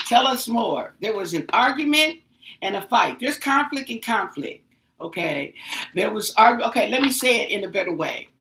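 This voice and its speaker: A woman doing a casual tarot reading for viewers, exclamatory and animated, pleading with the cards to tell her more. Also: lowish voice, vocal fry. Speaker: tarot reader.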